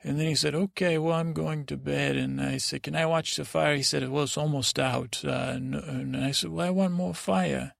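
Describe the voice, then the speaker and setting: A man voicing a naive, dreamy young prince in a sleep story, rambling and halting with many restarts as he retells conversations. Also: a little high, fairly even intonation, vocal fry, dry recording, clean studio sound. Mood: wistful. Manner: halting and rambling, full of restarts and retold dialogue. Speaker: podcast host.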